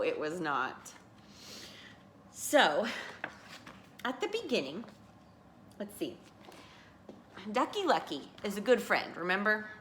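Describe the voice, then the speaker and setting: A woman reading a picture book aloud to children, expressive and teacherly, pausing to ask her listeners questions. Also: on the low side, a little hiss or hum.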